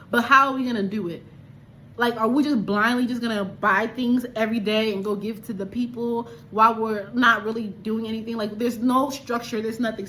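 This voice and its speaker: A woman's voice: on the high side, a bit bright, slight background noise. A woman from Liberia chatting animatedly and exclaiming as she reviews a film. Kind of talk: casual movie review.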